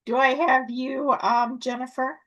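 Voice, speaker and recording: A middle-aged woman on a video call, telling a personal story in casual chat and acting out her own excited voice when she quotes herself. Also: sits high, measured pace, low-quality recording.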